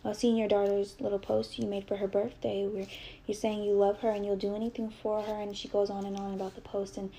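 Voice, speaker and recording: Brief: young woman, gravelly voice, earnest storytime, faint room hum. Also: medium pitch, monotone, a little fast, warm tone. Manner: earnest, heated retelling with quoted dialogue. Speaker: mother telling a personal story. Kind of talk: emotional personal storytime.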